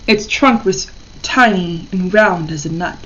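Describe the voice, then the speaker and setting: A woman reading a horror short story aloud in a plain, steady way, with small restarts. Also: on the low side, measured pace, highs cut off.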